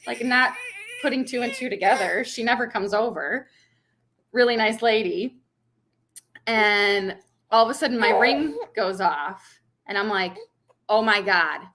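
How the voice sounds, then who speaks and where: A woman's voice: fairly high pitch, measured pace, fairly bright tone. A young woman casually chatting on a livestream, laughing often and answering viewers' comments. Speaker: vlogger hosting a livestream.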